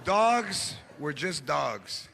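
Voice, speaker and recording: A man's voice: a little high, sing-song, drawn-out words, gravelly, sharp tone. A man doing a stand-up comedy set, telling stories animatedly and switching into Spanish phrases. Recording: live club, crowd laughter and noise.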